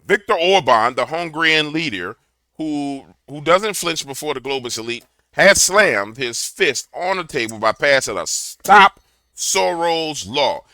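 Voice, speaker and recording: A man's voice: fairly high pitch, bright, forceful tone, no room sound. A man giving a preachy political commentary to a camera, telling a fiery story. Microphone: camera mic.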